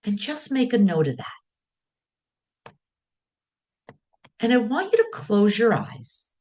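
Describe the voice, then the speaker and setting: A woman speaking as a wellness teacher, guiding listeners calmly in short, measured phrases. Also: mid-range voice. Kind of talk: guided teaching talk.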